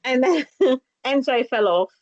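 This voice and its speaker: A woman's voice: high-pitched, a little slow, dry recording. A woman co-hosting a podcast, chatting casually and giggling as she recaps a reality show. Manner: giggly, swearing, animated. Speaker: podcast co-host. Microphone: remote call mic. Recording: dull, dry lo-fi remote recording.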